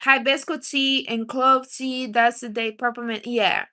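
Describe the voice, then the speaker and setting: Bright-voiced woman giving blunt advice. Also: a little high, fairly even intonation, measured pace. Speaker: livestream host. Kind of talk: casual livestream chat.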